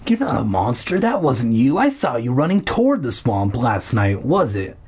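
A man doing an excited young boy, husky and loud. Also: medium pitch, normal speed. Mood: tender. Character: excited young boy defending his dog.

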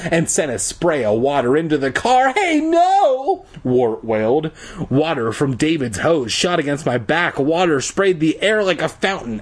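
A man reading a children's book aloud in a comedic way, adding crude joking asides. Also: husky. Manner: lively, rises high for quoted lines. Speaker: reader.

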